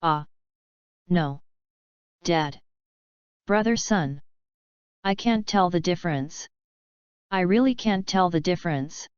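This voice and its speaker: A woman's voice: lowish voice, animated, slow pace, long pauses, clear, resonant tone, no room sound. Scared young captive son for a storybook read, panicky and pleading, woman narrator voicing, lo-fi. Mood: confused. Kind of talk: audiobook reading.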